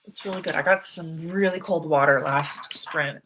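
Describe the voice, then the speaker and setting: A woman's voice: low-pitched, normal speed, background noise. A young woman from the States hosting a casual reading livestream, chatting easily and reading out viewers' messages. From United States. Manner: relaxed, chatty, reads chat aloud. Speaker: livestream host.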